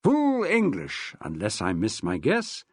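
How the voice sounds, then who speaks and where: A man voicing a jovial, wry middle-aged schoolteacher in an audiobook, hearty and booming. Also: huge pitch swings, slow, slightly rough, no echo, full character voice. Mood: teasing.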